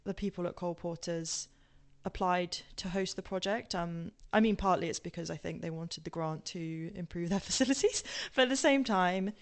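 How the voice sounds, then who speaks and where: A young English woman appears as a podcast guest, telling her story casually with many ums, tangents and laughs. She has a posh-sounding southern English accent, and her low voice moves at a moderate pace with hardly any pauses.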